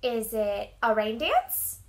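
Cheerful storybook mouse, squeaky and eager, high and bouncy, read by a woman. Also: huge pitch swings, slow pace, a little mellow, full character voice. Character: small excitable female mouse, cheerful.

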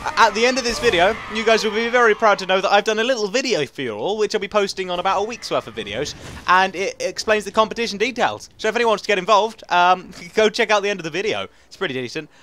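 A young man with an English accent giving casual, rambling commentary over a game, excitable and laughing often. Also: high-pitched, fast, slight background noise. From England. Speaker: gaming commentator.

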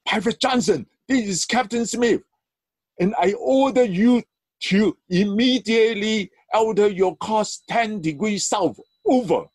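A man putting on a furious warship captain, shouting his commands in a raised, strained voice that sits far above his normal speaking pitch. The delivery is loud and domineering, and he is recorded dry and close, with no room sound. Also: a little slow, dry recording. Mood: shouting orders. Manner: shouting, barking orders.

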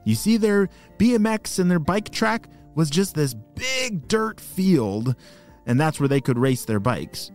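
A man narrating a children's story with a playful, enthusiastic delivery. His voice sits a little high for a man and swoops widely up and down. Faint music plays behind him. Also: sing-song, unhurried, darkish tone. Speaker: children's storyteller and podcast host.

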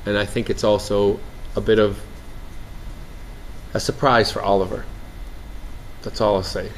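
A man being interviewed on set about his acting role, animated and laughing, often restarting his sentences. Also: lowish voice, unhurried, a little hiss or hum. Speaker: actor interviewee. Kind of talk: press junket interview. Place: outdoor TV set, press line.

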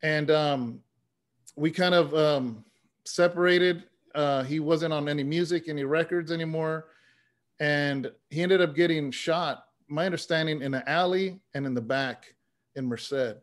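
A man's voice: a little high, moderate pace. A man, a pastor and former rapper, telling his life story in an earnest, conversational way with a lot of "man" and "you know". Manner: earnest, story-driven, says "man" often.

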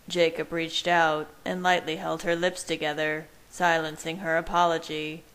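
A woman narrating fan fiction in the first person, at a measured reading pace. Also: low-pitched, level tone, a bit bright, clean tone, rough recording. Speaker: reader.

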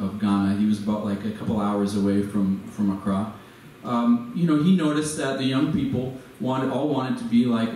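Man, forties, storytelling talk, halting delivery full of fillers, mellow low voice, recorded far off in a very echoey hall. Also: a little hiss or hum. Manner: hesitant, many fillers and restarts. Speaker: guest speaker. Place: venue with a live audience.

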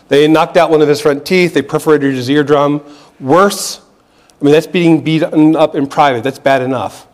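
An American man giving a public history lecture in an earnest, explanatory way, often restarting phrases and checking in with the audience. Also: on the high side. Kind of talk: museum lecture. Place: lecture hall.

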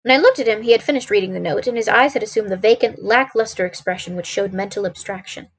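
Husky woman reading a mystery aloud. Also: mid-range voice, fast. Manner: steady narration with small slips. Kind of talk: storybook reading on a stream.

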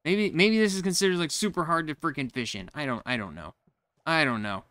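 A man giving casual commentary as he plays a game, talking to himself, often confused and quickly frustrated. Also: clear, resonant tone, no room sound. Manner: jumps to high excited exclamations when surprised. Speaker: gaming YouTuber. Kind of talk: casual let's-play commentary.

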